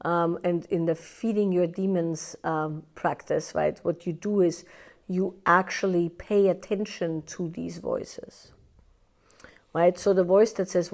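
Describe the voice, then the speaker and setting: A woman teaching a live workshop in a somewhat low voice. She talks in a loose, conversational way, tagging her points with "right?" and "yeah." Now and then she slips into quoted inner voices to show what she means. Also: steady tone, slow pace, gravelly, a little mellow.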